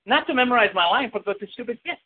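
A man's voice: very high voice, expressive, racing. A man preaching a sermon, calling out to the congregation for responses and telling a story from his childhood. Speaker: pastor. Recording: tinny lo-fi with hiss.

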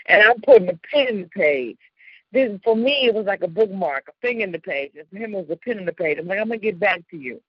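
A woman from the suburbs of Chicago hosting a radio show, telling personal stories in a casual, animated way with slang and frequent laughter. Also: mid-range voice, breathy edge, dry recording, muffled recording. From Chicago suburbs, United States. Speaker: radio host. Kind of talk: casual storytelling chat.

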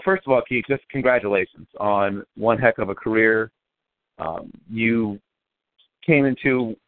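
A man's voice: medium pitch, dry recording. Radio host guy asking long rambly questions, sounds like he's on a phone line. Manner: chatty, long winding questions with restarts. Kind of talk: interview on a football prospects radio show.

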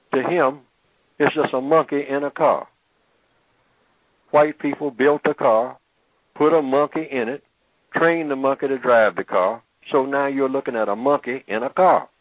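A man's voice: medium pitch, no echo. A man lecturing in long, building analogies, played back from a recording. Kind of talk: lecture-style commentary. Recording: tinny phone-like archival recording.

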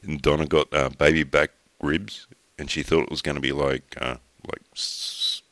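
A middle-aged Australian man with a remarkably deep, low voice hosts a casual podcast. He wanders through his story with false starts and the odd swear word. The sound is dry, with no room echo. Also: flat delivery, fairly bright tone. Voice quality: rambling, talks in halting restarts, swears casually. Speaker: podcast host.

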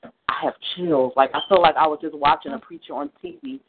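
A man's voice: a little high, very animated, quick pace, gravelly. A man on a ministry call, speaking with heartfelt, emphatic praise and repeating phrases for emphasis. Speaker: family member on a ministry call. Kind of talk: heartfelt church talk. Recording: tinny phone line with faint noise.

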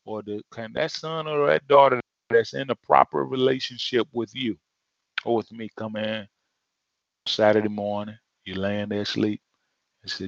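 A man's voice: on the low side, steady tone, moderate pace, creaky, fairly bright tone, no echo. A man preaching a sermon in a conversational, emphatic way, repeating phrases for effect. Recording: dull lo-fi sound.

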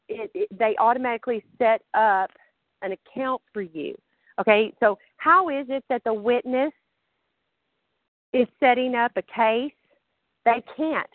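A woman's voice: a little high, dry recording. A woman with a Southern accent hosting a group phone call, chatty and laughing often, acting out the conversations she describes. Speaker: call host. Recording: tinny phone line, dry.

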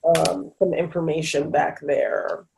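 Woman, low flat voice, hesitant fillers, group discussion. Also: takes it slowly, creaky, background noise. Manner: reads text aloud with hesitant fillers.

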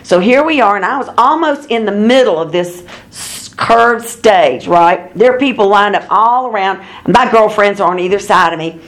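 A woman's voice: mid-range voice, normal speed, few pauses. A woman leading an informal Bible study, telling personal stories in a chatty way with lots of fillers. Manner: chatty storyteller, many fillers, laughs at herself.

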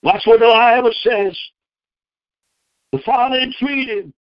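A man preaching a fervent sermon, acting out the people in the verses and breaking into loud bursts. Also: extremely high pitch, slow, dry recording, muffled recording. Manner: acts out the speakers in the verses.

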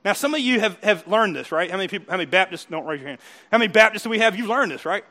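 Guy preaching a sermon, high bright voice, chatty and teasing, chuckles a lot. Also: expressive, very fast. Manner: conversational, chuckling, teasing the congregation. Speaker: pastor.

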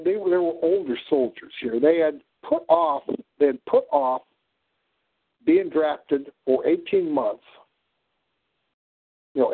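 Older male radio host, Ozark-prairie drawl, slow and meandering with lots of "uh", voice sitting a bit high, thin phone-line sound. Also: slightly rough, no echo. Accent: Southwest Missouri, mix of prairie drawl and Ozark. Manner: halting, meandering, full of "uh" and restarts. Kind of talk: rambling solo radio monologue. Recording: thin phone-like dry audio.

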